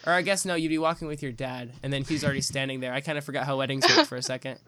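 A man's voice: medium pitch, fairly even intonation, very fast, sharp tone. A young man hosting a podcast, chatting casually and teasing his co-host with playful, rambling restarts.

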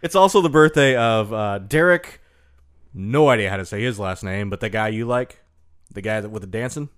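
A man's voice: lowish voice, fairly bright tone, no room sound, clean studio sound. A man hosting a casual podcast chat, teasing and joking with his guest. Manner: joking, playful, drawn-out teasing. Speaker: podcast host.

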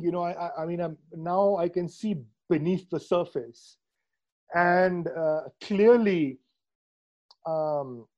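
A man talks through a video call in a thoughtful, halting way, full of restarts and fillers. His voice sits a little high for a man yet sounds dark and mellow. He talks like a host in an unhurried interview. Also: lo-fi sound. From India. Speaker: podcast host. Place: Srinagar.

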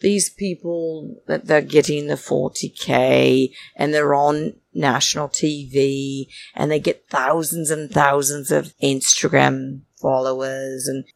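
A woman's voice: low voice, steady tone, slow pace, creaky, hardly any pauses. A woman ranting heatedly to her listeners, swearing and calling them darlings. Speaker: podcast or vlog host. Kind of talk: casual rant. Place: flat in a big city.

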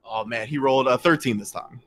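A man running a tabletop game as game master, narrating with animated energy. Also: medium pitch, brisk, background noise.

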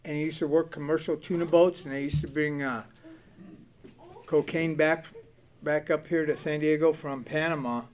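A man's voice: a little high, fairly even intonation, moderate pace. A man in his sixties from Southern California telling his recovery story bluntly and profanely, acting out the people in it. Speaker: recovery speaker. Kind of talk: personal testimony, storytelling.

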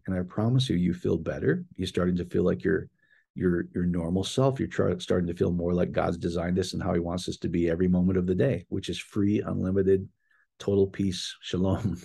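A man giving an informal, earnest faith talk, speaking directly to his listeners with quick repetitions and restarts. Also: sits low, vocal fry, mellow, breathy edge. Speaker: Christian teacher.

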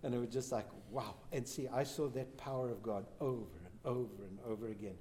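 A man, a pastor, telling a church testimony as a lively storyteller who acts out the quoted lines. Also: mid-range voice, a little fast, slight background noise. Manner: animated storyteller, voices quotes.

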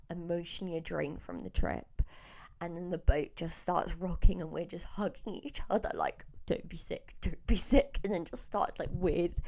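A woman's voice: fairly low pitch, vocal fry, dry recording. Young woman, vlogger, casual storytime, chatty, swears a lot, dry close sound. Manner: chatty, swears freely, laughs mid-sentence.

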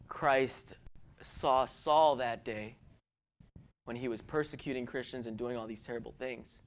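Man, middle-aged, pastor, church sermon, emphatic, dynamic loud and soft, repeats himself. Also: mid-range voice. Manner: emphatic preaching with swings from loud to hushed; repeats words and restarts while telling a personal story.

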